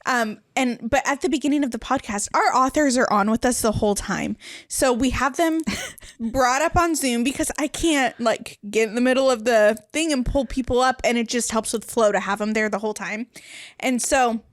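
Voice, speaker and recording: A woman co-hosting a podcast in casual chat, animated and laughing often. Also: a little high, normal speed, dry recording. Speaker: podcast co-host.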